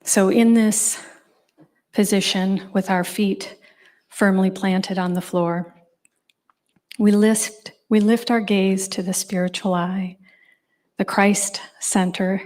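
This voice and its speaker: Woman, meditation leader, slow drawn-out pace, gentle instructions, church service. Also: mid-range voice, steady tone. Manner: gentle, unhurried instructing with long pauses.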